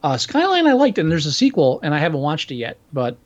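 Animated man on a lo-fi recording. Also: fairly high pitch, quick pace. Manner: animated, swearing, stumbling restarts. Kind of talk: casual chat. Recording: dull lo-fi sound.

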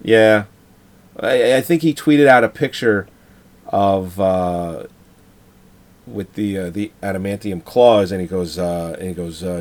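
A man talking casually about movies, relaxed and enthusiastic, swearing freely. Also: deep voice, a little slow.

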